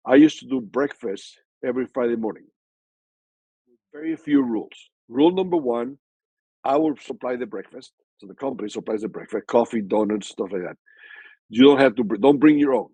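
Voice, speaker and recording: An older man in his sixties with a slightly husky voice, answering interview questions casually. He talks in animated bursts and stumbles into frequent restarts and repeated words. The sound is dry and close. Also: mid-range voice, no echo, rough recording. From Hispanic background, from a Spanish-speaking country. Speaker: guest speaker.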